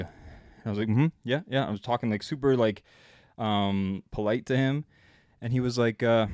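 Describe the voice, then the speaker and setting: A man on a podcast, chatting casually and telling a long personal story. His delivery is loose and full of fillers, and his pitch sits mid-range. The recording is dry and close. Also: steady tone, moderate pace, darkish tone, smooth, no echo. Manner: laid-back storyteller, many fillers. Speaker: podcast co-host.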